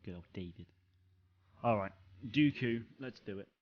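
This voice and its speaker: This young man hosts a live stream, chatting loosely with viewers and reading their comments, his talk loaded with fillers and restarts. He talks at a normal speed in a lowish voice, and the recording's highs are cut off.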